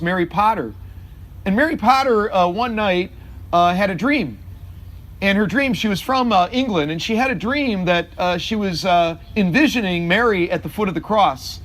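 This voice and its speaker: Middle-aged priest, high voice, halting homily delivery with frequent fillers. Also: male voice, a bit bright. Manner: halting, many filler sounds.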